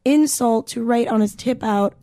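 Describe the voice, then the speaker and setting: A woman's voice: fairly high pitch, normal speed, warm tone, dry recording, studio quality. A young adult woman chatting casually, swearing freely and filling her sentences with "like" and "um.". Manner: casual swearing, lots of fillers. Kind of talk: casual chat.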